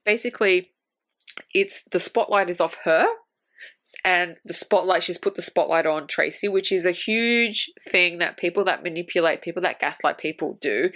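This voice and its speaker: A woman talks through a film scene by scene on a podcast in casual, loose chat. She slips into animated quoted voices for the characters and swears freely. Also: fairly low pitch. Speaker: podcast co-host.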